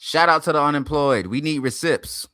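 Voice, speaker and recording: A man streaming and reacting to a video, talking loudly in profane slang and swinging between hype and mumbles. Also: on the high side, normal speed, clear, resonant tone, dry recording, clean studio sound. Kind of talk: casual reaction stream chat.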